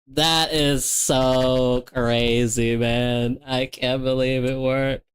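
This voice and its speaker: Woman, young adult, livestream coding chat, smooth clear voice, unhurried, exclaiming and repeating herself. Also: extremely low pitch, fairly even intonation, no room sound. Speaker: streamer.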